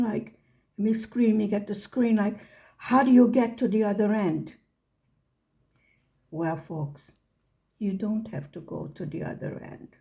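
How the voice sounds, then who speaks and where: Female vlogger, mellow gravelly voice, unhurried chatty storytelling. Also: mid-range voice. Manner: chatty, self-deprecating, acts out quoted dialogue. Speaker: knitting vlogger. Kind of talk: casual storytelling.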